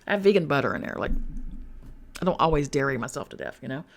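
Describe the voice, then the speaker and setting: A woman's voice: low-pitched, expressive, fast, creaky. A woman hosting a podcast, telling a personal story in a chatty, slangy way, swearing and speaking straight to her listeners. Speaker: podcast host and spiritual coach. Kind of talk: casual storytelling.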